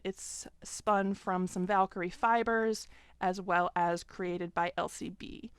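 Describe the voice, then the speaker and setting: A young adult woman calmly explaining, step by step, how she washes hand knits at home, with an occasional "um". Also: medium pitch, clean tone, no room sound, studio quality. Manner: calm, step-by-step explaining with frequent "um". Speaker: fiber arts vlogger. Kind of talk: casual tutorial narration.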